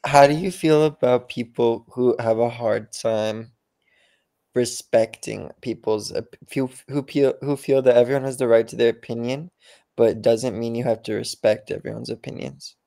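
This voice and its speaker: A man's voice: mid-range voice, steady tone, normal speed, gravelly, mellow. A man in a casual talk asking questions hesitantly, restarting and apologizing as he goes.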